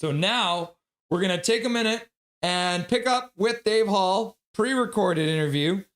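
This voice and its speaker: A man's voice: sits high, unhurried, fairly bright tone. A man hosting a live stream, calling hockey play-by-play in a casual, chatty way and joking with chat between calls.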